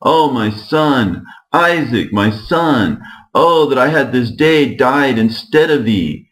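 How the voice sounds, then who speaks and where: A man's voice: sits low, rough recording. Sarah, a man voicing an old grieving mother. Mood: wailing. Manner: lamenting, slow and archaic. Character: grieving aged mother, Sarah, wailing woman.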